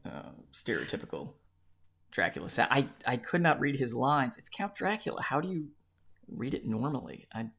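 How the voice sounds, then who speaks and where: A man's voice: mid-range voice, sing-song, moderate pace, gravelly, a bit bright, slightly rough. A man hosting a book podcast in casual, joking chat. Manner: joking, easygoing. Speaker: podcast host.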